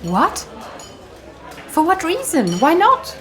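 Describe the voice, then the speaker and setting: A woman's voice: high-pitched, lively intonation, a little slow, some chatter behind. An actress playing an earnest young woman in a documentary reenactment. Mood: upset. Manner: earnest, pleading. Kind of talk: reenactment acting.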